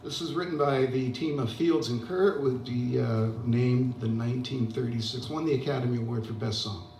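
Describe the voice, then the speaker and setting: A man's voice: medium pitch, brisk, darkish tone, slight background noise. An older man hosting an open mic, chatting casually and self-deprecatingly between songs. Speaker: open mic host and singer. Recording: roomy, distant mic, guitar behind.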